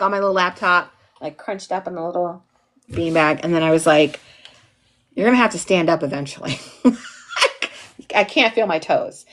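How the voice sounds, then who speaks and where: A woman's voice: fairly low pitch, a bit bright. A tired woman in her forties, an instructor chatting casually and goofily with livestream viewers, reading their names and laughing often. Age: 40s. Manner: goofy, giggly, talks to chat by name.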